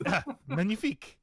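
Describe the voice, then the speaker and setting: A man's voice: medium pitch, fairly bright tone, lightly acted. A man putting on a pompous French sculptor. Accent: put-on French. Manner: theatrical, grandiose, exaggerated.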